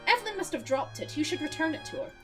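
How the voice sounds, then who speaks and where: A woman's voice: sits high, expressive, fast, faint music behind, voice pushed up. A woman doing an earnest Irish doctor. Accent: put-on Irish. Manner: earnest, precise, lecturing. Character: middle-aged male doctor, curious about spirits. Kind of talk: reading game dialogue aloud.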